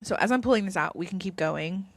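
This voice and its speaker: A woman's voice: fairly low pitch, quick pace, dry recording, clean studio sound. A woman vlogger talking to camera about spirituality in an earnest, reassuring, rambling way. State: tearful. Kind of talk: casual spiritual talk to camera.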